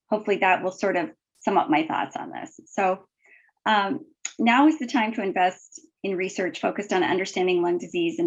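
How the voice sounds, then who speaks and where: Casting a female physician reading her own book aloud, measured and deliberate, with a low gravelly voice. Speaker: physician guest, author. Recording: muffled, lo-fi webinar audio.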